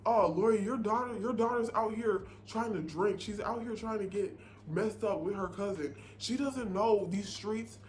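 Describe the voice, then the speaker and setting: A jealous, controlling boyfriend whines and accuses in a hushed, mocking tone, as a woman imitates him mid-story. He is quieter and more nasal than the teller. The impression is casual, not a full character voice. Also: medium pitch, moderate pace, hardly any pauses, slight background noise, natural voice.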